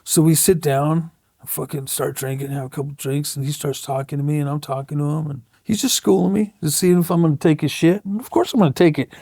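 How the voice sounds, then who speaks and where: A man's voice: on the high side, a little fast, gravelly, mellow, no room sound, clean studio sound. A middle-aged man, a tattoo artist being interviewed, telling blunt, profane stories and acting out the quotes. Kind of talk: casual storytelling interview.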